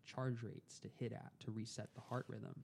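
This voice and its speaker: A young man telling a personal story as a podcast guest, calm and unhurried. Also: medium pitch, vocal fry, slight background noise.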